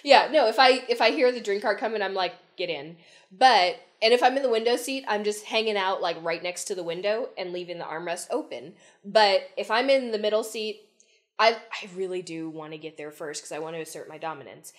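A woman's voice: mid-range voice, fairly quick. A young woman co-hosting a casual podcast, with a voice in the middle of the range. She talks in a wry, teasing way and acts out her own reactions with playful emphasis. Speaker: podcast co-host. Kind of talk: casual chat.

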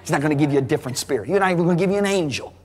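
A man preaching a sermon to a congregation, emphatic and rising to near shouting at high points. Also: animated, racing. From United States. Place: large church hall. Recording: live sermon in a reverberant hall.

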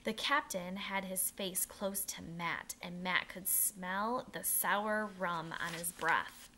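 A woman narrating a children's historical novel aloud, expressive, with occasional restarts and self-corrections. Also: lowish voice, slow, slight background noise.

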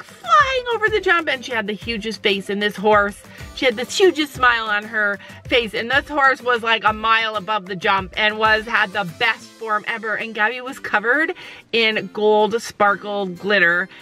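A middle-aged woman and mother chatting excitedly in a casual vlog, full of likes and laughs. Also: on the high side. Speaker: vlogger mother. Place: outdoors at a horse barn.

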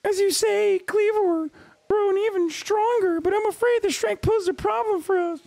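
A man putting on a shrill fantasy warden. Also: moderate pace, vocal fry, a little mellow. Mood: urgent. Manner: squeaky exaggerated falsetto reading. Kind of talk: reading game dialogue aloud in a voice.

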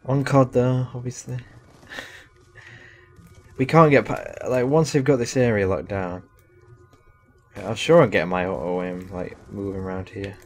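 Low-voiced young man rambling over gameplay. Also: steady tone, unhurried, pauses often, a little mellow, a little hiss or hum. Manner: casual, rambling, self-deprecating with laughs. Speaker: gaming commentator. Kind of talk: live gameplay commentary.

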